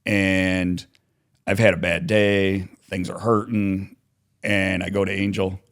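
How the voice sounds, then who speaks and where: Low-voiced man, animated storyteller. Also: slow. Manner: animated, acts out both sides of arguments. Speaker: author and counselor, guest. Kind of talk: conversational podcast interview.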